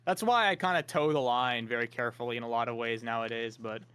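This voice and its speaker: A man's voice: medium pitch, quick pace, bright, forceful tone, smooth, dry recording. A man co-hosting a casual podcast, giving brief, hesitant replies. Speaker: podcast co-host.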